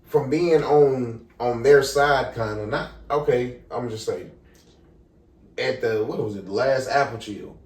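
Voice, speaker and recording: A young man casually telling a story on a podcast, animated and profane, acting out the people in it. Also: medium pitch, unhurried. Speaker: podcast co-host. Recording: echoey room, far from the mic.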